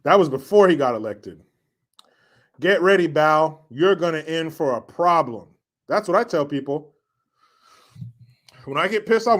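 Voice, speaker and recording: Brief: male host, high-pitched voice, crude comedic rant, mocking and repetitive. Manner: riffing, mocking, repeats catchphrases. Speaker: commentary show host.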